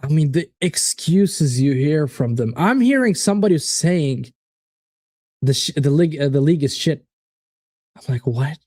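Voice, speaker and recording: Casual male stream host, animated and profane, warm dark tone, dry booth sound. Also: a little high, normal speed, no echo. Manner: animated, swearing, reads out chat predictions. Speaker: watchalong host. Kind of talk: casual live-stream football chat.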